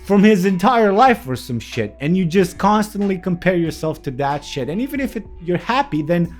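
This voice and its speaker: A man's voice: high voice, sing-song, normal speed, faint music behind. A man delivering a candid vlog monologue as a heated, profane, emphatic rant. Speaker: vlogger.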